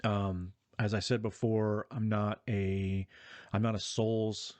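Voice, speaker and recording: A man's voice: lowish voice, flat delivery, slow, darkish tone, no echo. A man giving a casual, rambling and profane spoken review of a video game. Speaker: gaming vlogger.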